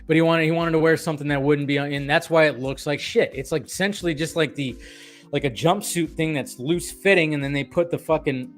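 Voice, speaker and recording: A man ranting casually about films on a livestream, animated and profane, rambling with restarts, tired and wired on coffee. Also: fairly high pitch, brisk, faint music behind. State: tired and caffeinated. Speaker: film commentary streamer.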